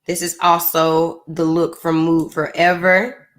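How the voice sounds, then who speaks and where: A woman's voice: on the low side, little pitch movement, takes it slowly. A woman hosts her own live stream in a playful, chatty way. She speaks in an easygoing register, addressing viewers directly as if they were friends. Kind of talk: casual chat to viewers.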